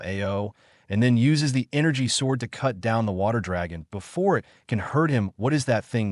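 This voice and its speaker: A man narrating a fan-fiction story in a steady, scripted storytelling manner. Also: fairly low pitch, no room sound, studio quality.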